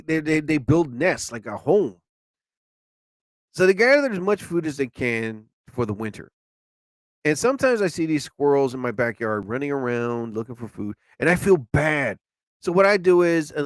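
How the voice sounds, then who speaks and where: A man's voice: a little high, no echo. Guy rambling on his live show, voice jumps all over, dry close mic. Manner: animated storyteller, acts out quotes. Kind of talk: rambling solo chat.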